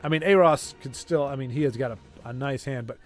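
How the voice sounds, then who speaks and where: A young man live-streaming and commentating a card game, reacting excitedly with quick exclamations and jokey, rambling asides. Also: medium pitch, loud music behind the voice.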